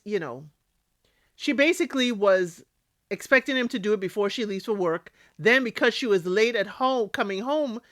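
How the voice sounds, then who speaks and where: A woman's voice: mid-range voice, fairly bright tone, no echo. Emphatic woman recapping reality TV, dry sound. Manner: emphatic, scolds the cast directly, often tags 'okay?'. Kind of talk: casual spoken recap and commentary.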